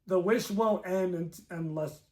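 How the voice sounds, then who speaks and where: A man's voice: sits high, expressive, normal speed. A man co-hosting a casual movie review, animatedly retelling scenes and laughing often. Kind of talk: casual chat.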